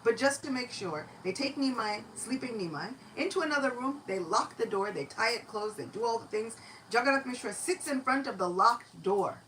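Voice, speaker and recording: A woman giving a devotional lecture, telling a sacred story in an expressive, animated way. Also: fairly high pitch, moderate pace, slight background noise, poor audio.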